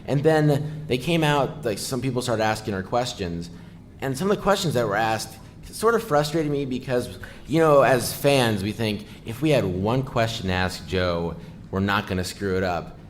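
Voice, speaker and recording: A man's voice: mid-range voice, lively intonation, normal speed, a little hiss or hum. A tired man recounting an event casually, a little hesitant. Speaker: podcast guest. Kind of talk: casual recap.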